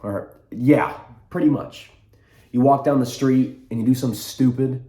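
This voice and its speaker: A young man in his twenties speaks straight to his camera in a loose, reflective way. He trails off and restarts his sentences as he thinks aloud. His voice sits at an ordinary middle pitch and echoes around the room. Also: normal speed, warm tone. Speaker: vlogger. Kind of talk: rambling casual vlog to camera.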